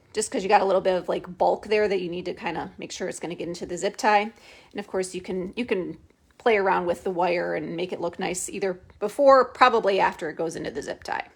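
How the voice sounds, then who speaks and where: A woman hosting a casual craft tutorial, chatting step by step into her phone camera with lots of "okay"s and fillers. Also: medium pitch.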